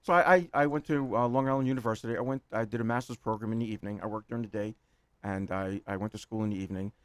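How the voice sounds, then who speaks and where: A talkative man in his sixties with a New York accent, racing through his stories at a quick clip. He rambles, laughs often and trips over repeated words. The sound is dry and close, with no room around it. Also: on the low side, steady tone, no room sound. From New York City. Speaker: guest. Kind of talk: casual chat.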